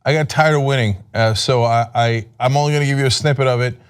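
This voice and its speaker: A man's voice: quick pace, smooth. A man giving sarcastic political commentary, mocking and exasperated, firing off rhetorical questions. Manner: mocking, exasperated, reads quotes aloud; rhetorical questions, lively pitch swings.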